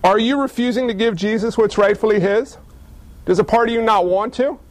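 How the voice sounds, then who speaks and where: A man's voice: sits high, brisk, no echo. A male pastor preaching a sermon, joking and firing off rhetorical questions.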